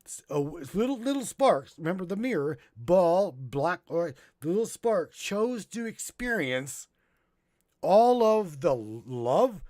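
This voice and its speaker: A man hosts a live stream, rambling and profane, his speech full of halting restarts as he chokes up. He talks slowly, in a fairly high voice for a man. The sound is dry and close. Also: sing-song, darkish tone, no echo. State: choking up. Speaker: podcast host. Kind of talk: emotional live-stream monologue.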